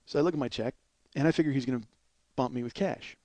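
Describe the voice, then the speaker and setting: A man hosting a comedy podcast, telling a long rambling anecdote full of swearing and restarts, and doing quick voices of the people in it. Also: medium pitch, dark tone, no room sound. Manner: mimics other people's voices. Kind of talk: storytelling monologue.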